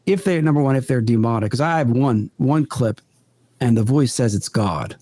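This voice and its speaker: A man guest on a podcast, a paranormal investigator, telling his experiences in an earnest, deliberate way. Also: medium pitch, animated, warm tone, no echo. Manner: earnest, deliberate, builds stories step by step. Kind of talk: conversational storytelling in an interview.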